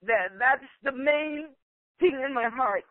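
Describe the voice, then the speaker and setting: A woman calling into a conference call, earnest and emotional, talking in halting bursts with fillers. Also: high-pitched, dry recording. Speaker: caller. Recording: tinny phone line.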